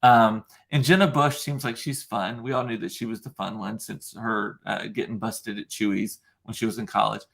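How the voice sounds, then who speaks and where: A man's voice: lowish voice, steady tone, normal speed, vocal fry, few pauses, fairly bright tone. A young man vlogging casually, rambling through a funny story with lots of ums and laughing asides. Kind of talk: casual chat to camera.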